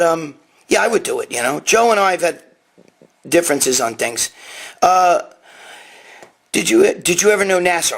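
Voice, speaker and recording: Pitched on the high side, the voice is creaky and a little rough. He's a New York live streamer in a casual setting, reading viewer questions from his phone and answering them with plenty of rambling and profanity.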